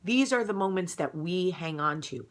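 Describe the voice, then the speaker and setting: A woman vlogging in an animated, emphatic way, ranting loudly and then talking more calmly. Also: on the low side, normal speed. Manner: animated, emphatic, swings from loud outrage to calmer advice. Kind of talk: casual vlog rant.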